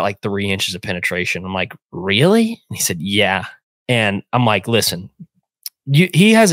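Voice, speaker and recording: A young man tells a hunting story in a casual chat, his voice sitting a little low. He jumps high in pitch when he acts out the call, and the sound is dry and close. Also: dry recording. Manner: animated retelling, acts out phone call voices.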